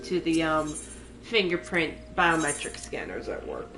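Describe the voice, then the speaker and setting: A woman's voice: low-pitched, very animated, measured pace, music in the background. A woman chatting casually while playing a game on stream, rambling and giggling as she goes. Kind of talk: casual chat while gaming.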